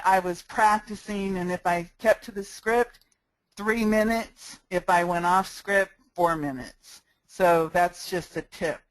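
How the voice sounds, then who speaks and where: A woman's voice: on the low side, no echo, rough recording. A woman giving a step-by-step screencast tutorial into a cheap headset microphone, friendly and practical, talking with a smile. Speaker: sales marketing instructor.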